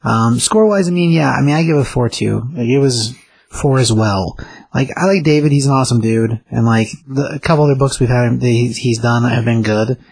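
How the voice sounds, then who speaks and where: Gravelly man in relaxed comic chat. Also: mid-range voice, brisk, no echo. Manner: relaxed, brief agreeing replies. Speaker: comic book reviewer. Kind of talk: casual chat.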